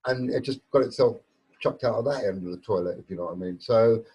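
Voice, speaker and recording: Hesitant, husky man on a casual podcast. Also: fairly low pitch, fast, mellow. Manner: hesitant, searches for words with fillers. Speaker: podcast co-host.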